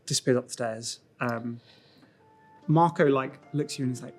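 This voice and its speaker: A man's voice: medium pitch, fairly even intonation, moderate pace, pauses often, soft background music. Casual man narrating a tabletop game. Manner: casual, filler-heavy narration. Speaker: game master.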